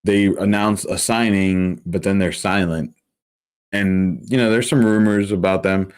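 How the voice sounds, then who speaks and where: A man's voice: low voice, fairly even intonation, unhurried, a little mellow, clean tone. A man co-hosting a live sports show, talking casually, hedging and thinking aloud as he makes his point. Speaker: podcast co-host.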